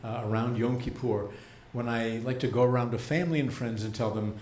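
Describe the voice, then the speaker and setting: Older man doing deadpan stand-up in a roomy club. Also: medium pitch, fairly quick, a little hiss or hum. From United States. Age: 70s. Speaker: stand-up comedian and rabbi. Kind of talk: stand-up comedy set. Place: comedy club stage. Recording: roomy live club sound.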